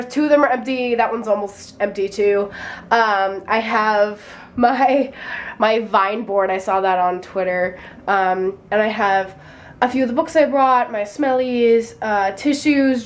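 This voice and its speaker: A woman's voice: fairly high pitch, steady tone, a little slow, rough recording. A young woman, a college student, chatting casually and rambling through a vlog tour of her dorm room, sounding a little tired. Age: young adult. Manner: chatty and rambling, with many fillers.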